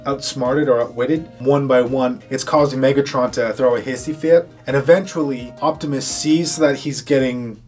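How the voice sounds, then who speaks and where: A man's voice: medium pitch, steady tone, moderate pace, few pauses, darkish tone, faint music behind. A man co-hosting a casual review chat, playfully recapping scenes as a story. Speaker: podcast co-host reviewing a cartoon series.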